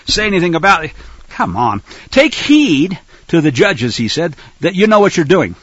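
A man preaching in an animated, rhetorical style, addressing listeners as folks, on a dull lo-fi recording. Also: sits high, breathy edge, no room sound. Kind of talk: sermon-style Bible teaching.

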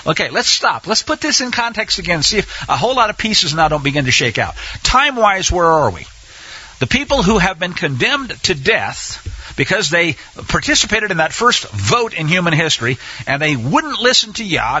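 A man's voice: high voice, very animated, moderate pace, sharp tone, slightly rough, no echo, muffled recording. A man teaching scripture in an emphatic way, repeating phrases and speaking directly to his listeners. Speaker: Bible teacher.

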